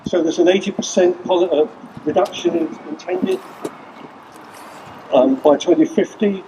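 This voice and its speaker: A man's voice: sits high, wildly swooping pitch, moderate pace, vocal fry, background noise. Earnest man addressing an outdoor rally. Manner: earnest, rallying, with list-like repetition. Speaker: rally speaker. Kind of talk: outdoor protest speech. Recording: distant voice with faint outdoor ambience.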